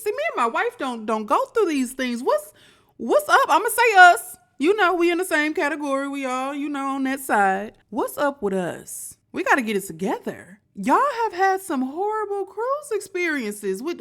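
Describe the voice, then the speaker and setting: A woman's voice: sits high, fairly bright tone. A woman hosting a reaction show, chatting casually and speaking directly to her viewers. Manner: chatty, talks straight to viewers.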